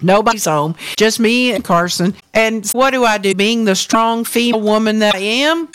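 A woman, co-hosting a faith talk show and telling a personal testimony in an animated, storytelling way. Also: a little high, normal speed, clear, resonant tone, no room sound. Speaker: co-host.

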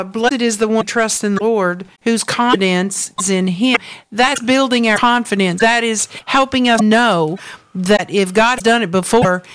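Woman co-host, animated testimony storyteller, dry close sound. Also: on the high side, no echo. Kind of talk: faith talk chat, storytelling.

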